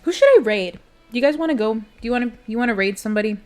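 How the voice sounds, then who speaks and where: A woman's voice: a little high, lively intonation, rapid-fire, faint music behind. A young woman streamer in casual chat with her viewers, giggly and emotional, talking straight to her chat.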